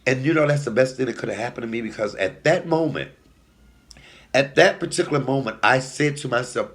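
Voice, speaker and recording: A man in his forties telling a personal story as a comedian, sassy and animated, dropping to hushed asides and rising to loud outbursts while talking straight to his viewers. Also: medium pitch, brisk. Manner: sassy, laughs at own lines, talks to viewers.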